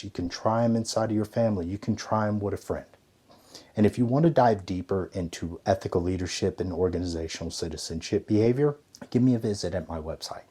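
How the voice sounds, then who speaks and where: A man giving a motivational leadership lesson, emphatic and conversational, swinging between loud stresses and hushed asides. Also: deep voice, husky. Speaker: ethics and leadership coach. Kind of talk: motivational teaching talk.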